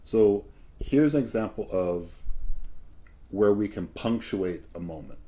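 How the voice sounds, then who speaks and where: Male acting coach with a lowish, mellow voice, patient and explanatory, one-on-one. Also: animated, slow pace. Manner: patient and explanatory, often asks "right?". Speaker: acting teacher.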